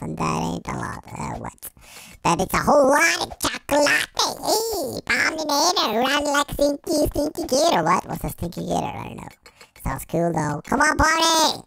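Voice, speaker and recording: A performer voicing an excitable male cartoon chipmunk gamer through a sped-up high voice filter, giving squealing game commentary. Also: gravelly, heavily acted, poor audio. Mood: mock-serious. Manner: squealing, giggly, exclaims constantly. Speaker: let's play commentator. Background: game music.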